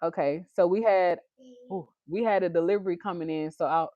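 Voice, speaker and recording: A woman's voice: fairly low pitch, steady tone, fairly quick, no echo, dull audio. A woman, chatting casually on a livestream, laughing often and reading viewer comments aloud. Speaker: livestream host.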